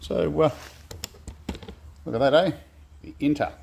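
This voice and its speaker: A man's voice: on the high side, measured pace, creaky, darkish tone. An Australian man in a home workshop shed, talking through his truck build in a laid-back, rambling, self-deprecating way. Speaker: custom car builder. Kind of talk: casual workshop vlog.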